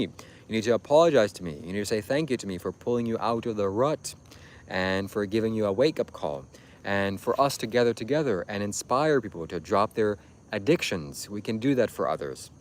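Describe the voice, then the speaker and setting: A man with a fairly low voice delivers a livestream monologue straight to his viewers. He lectures in a preachy, insistent way and circles back to the same points again and again. A faint hiss of background noise sits under the voice. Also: lively intonation, brisk. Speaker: livestream host. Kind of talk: livestream monologue addressing chat.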